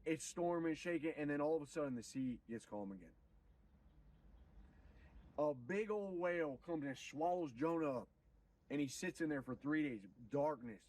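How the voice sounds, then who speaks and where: A man streaming, retelling a story in an animated, profane, preachy way. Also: a little high, husky, far from the mic, low-quality recording. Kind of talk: casual storytelling on a livestream.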